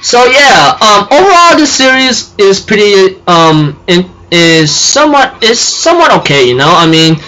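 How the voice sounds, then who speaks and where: A man's voice: sits high, big pitch swings, a little slow, hardly any pauses, sharp tone, poor audio. A man casually recapping an anime episode, rambling with lots of fillers and giggling as he talks. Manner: rambling, full of "you know" and "and so forth"; giggly, laughs while talking. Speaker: anime reviewer.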